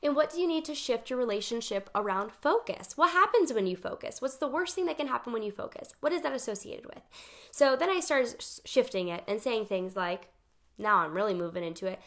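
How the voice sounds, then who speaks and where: A woman's voice: fairly high pitch, animated, brisk, fairly bright tone. A woman coaching on focus in a chatty, emphatic talk to her viewers, acting out her own inner voice as she goes. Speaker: life coach. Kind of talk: casual talk to camera, live session.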